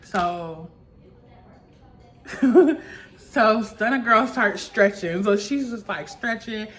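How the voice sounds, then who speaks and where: A woman's voice: mid-range voice, slow pace, fairly bright tone. A woman vlogger casually recapping a reality show episode in a chatty, gossipy way, full of "like" fillers.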